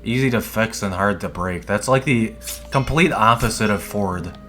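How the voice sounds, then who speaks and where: A man with a fairly low voice talks through his gameplay in a laid-back, rambling way, cursing now and then. Faint music plays underneath. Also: moderate pace, pushed and bright. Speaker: streamer playing a dungeon game. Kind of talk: casual gameplay commentary.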